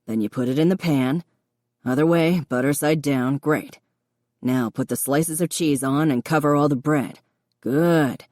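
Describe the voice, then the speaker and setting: A laid-back young man talks a friend through a recipe, patient and encouraging, as a woman narrator puts him on. The voice sits low and deep. It is a dry, close audiobook read. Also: unhurried, dry recording. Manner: patient, encouraging, gently instructive. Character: easygoing young man, patient cooking teacher.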